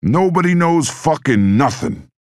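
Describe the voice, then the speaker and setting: A man voicing an older male crime boss who is furious and erupts into shouting. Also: a bass voice, normal speed, gravelly, slightly rough, dry recording, clean studio sound, full character voice. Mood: raging. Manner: explosive, shouting in bursts.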